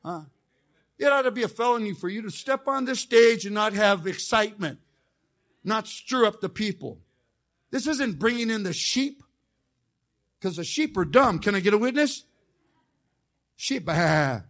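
Male chaplain, fiery call-and-response preacher, high voice, folksy and joking. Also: animated, unhurried, pauses often, a bit bright. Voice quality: folksy storytelling with jokes. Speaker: chaplain preaching as guest speaker. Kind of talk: sermon.

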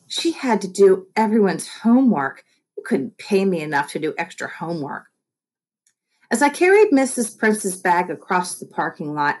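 Lady reading a funny kids book aloud, lively and playful, telling it as a boy. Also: medium pitch. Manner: lively, comic first-person storytelling voicing a boy. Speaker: audiobook narrator. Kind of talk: scripted narration of a children's novel.

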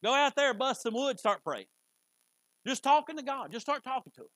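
A man preaching in a high, bright-edged voice, folksy and conversational, now and then jumping into loud bursts. The sound is close and dry, with little room around it. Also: very animated, moderate pace, no echo, poor audio. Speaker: pastor. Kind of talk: sermon. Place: church sanctuary.

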